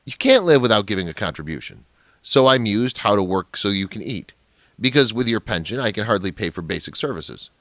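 A man's voice: lowish voice, sing-song, fairly quick, a bit bright, dry recording. A man voicing a cruel, controlling adult daughter who scolds and dismisses her old father, in a storybook narration. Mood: demanding.

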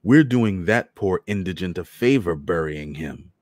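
A man voicing a cruel soldier who hisses slow threats. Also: sits low, lively intonation, a little mellow, no room sound, clean studio sound. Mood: menacing. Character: cruel menacing male soldier.

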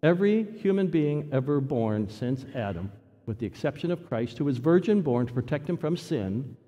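A man's voice: mid-range voice, lively intonation, moderate pace. Emphatic male preacher in a reverberant church. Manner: emphatic, repeats key phrases, swings between loud and hushed. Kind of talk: sermon. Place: church sanctuary.

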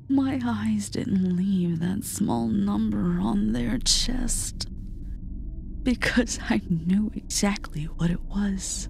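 A woman narrating a horror story in a hushed, often whispered way. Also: medium pitch, takes it slowly, creaky, a little hiss or hum.

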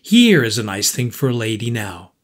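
A man's voice: medium pitch, sing-song, normal speed. A man reading a storybook voices an old shop dealer with a dry, biting, impatient manner. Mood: wheedling. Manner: sharp, impatient, chuckling.

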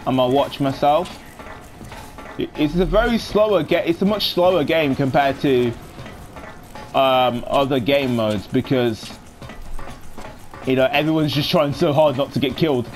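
A man's voice: mid-range voice, a little slow, pauses often. A young man giving casual, jokey live commentary while playing a shooter game. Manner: chatty, jokey, self-narrating. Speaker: gaming commentator.

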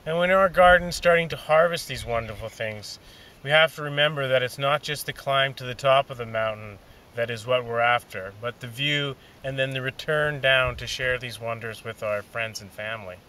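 A man giving a relaxed, folksy gardening demonstration outdoors in his vegetable garden, with many fillers. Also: medium pitch, normal speed. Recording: distant outdoor mic, faint noise.

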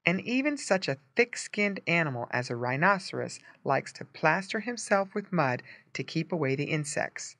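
A storyteller reading a simple story aloud in a clear, gently explaining way for English learners. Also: medium pitch, sing-song, moderate pace, hardly any pauses, dry recording.

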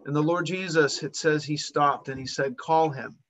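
A man's voice: on the high side, fairly even intonation, normal speed, a bit bright. A man preaching a sermon, retelling a Bible story and acting out its voices with rising emphasis.

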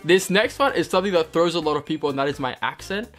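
A man's voice: on the high side, expressive, fast talker, fairly bright tone, faint music behind. A young man with a mixed British-American accent, casually reading out comments in a vlog and answering them with wry, self-deprecating sarcasm. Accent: mix of British and American. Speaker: equestrian vlogger.

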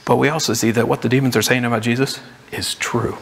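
Gravelly-voiced man preaching in a hall. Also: medium pitch, fairly even intonation, quick pace, fairly bright tone, slight background noise. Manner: conversational preaching, acts out crowd voices. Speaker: pastor. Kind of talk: sermon. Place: church sanctuary.

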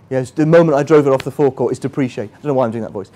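A man's voice: mid-range voice, racing, mellow. A man leading a finance workshop, quizzing the audience and dropping self-mocking asides. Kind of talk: interactive teaching. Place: workshop room with a live audience.

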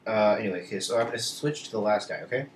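Remaja pria bercerita berputar-putar di ruang bergema. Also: male voice, on the low side, very fast, a little hiss or hum. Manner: rambling, many restarts and asides. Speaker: vlogger. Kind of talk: casual storytelling vlog. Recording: echoey room, mic at a distance.

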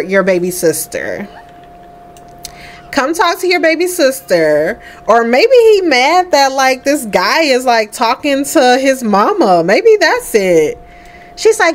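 A woman hosting a life-sim let's play, chatting casually and laughing as she talks to her characters. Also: fairly high pitch. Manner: chatty and animated, laughing often, talking to the sims. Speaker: gaming host.

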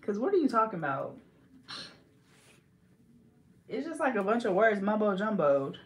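A woman's voice: medium pitch, very animated, normal speed, echoey room. A young woman, a hair braider and vlogger, chatting casually and teasing while she works, drawing out words in mock pronunciations.

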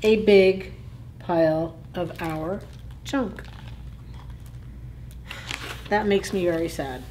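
Woman librarian, story time reader, unhurried and chatty, asks kids questions. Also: lowish voice, a little mellow, a little hiss or hum. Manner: slow, deliberate reading. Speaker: children's librarian. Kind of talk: children's story time read-aloud.

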